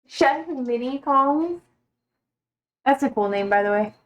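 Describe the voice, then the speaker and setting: High-voiced chatty American woman streamer. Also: animated, slow pace, poor audio. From United States. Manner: chatty, reads chat aloud and answers. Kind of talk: casual live-stream chat while cooking. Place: home kitchen.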